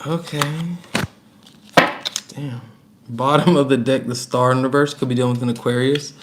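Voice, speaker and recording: A man's voice: medium pitch, fairly even intonation, normal speed, heavy background noise. A man giving a casual, chatty tarot reading to camera, emphatic and prone to repeating himself, with laughs between points. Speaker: tarot reader.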